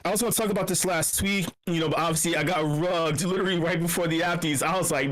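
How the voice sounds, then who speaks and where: A man hosting a casual live voice-channel show, brash and profane, teasing his listeners and swinging into loud drawn-out shouting. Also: on the high side, steady tone, faint music behind. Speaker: host of a community voice-chat show. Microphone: computer mic in voice channel.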